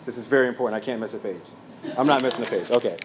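A man teaching a sermon from his notes, speaking plainly with frequent fillers and quick asides. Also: medium pitch, noisy background. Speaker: pastor.

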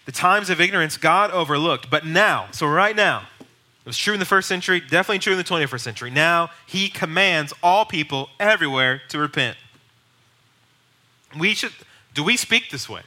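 A male pastor teaches with bold, urging emphasis. His voice sits a little high and has a very bright, piercing edge. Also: lively intonation, fairly quick. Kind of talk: teaching sermon.

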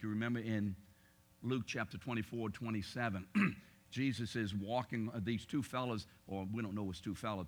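A middle-aged man teaching a Bible class, talking conversationally and emphatically, asking his listeners rhetorical questions. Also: on the low side.

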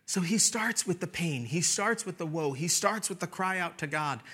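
A man preaching a sermon in a church, swinging between loud emphatic declarations and hushed, whispered lines. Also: fairly high pitch, animated, moderate pace, few pauses, breathy edge. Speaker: pastor.

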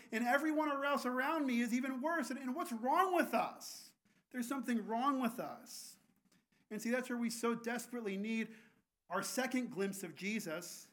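A man's voice: very high voice, a bit bright. A man preaching a sermon as a pastor, earnest and often restarting his words.

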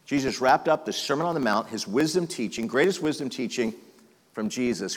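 A man preaching a sermon in a conversational way, dropping to a soft murmur and then rising for emphasis. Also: medium pitch, lively intonation, fairly quick. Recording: long reverb of a large hall.

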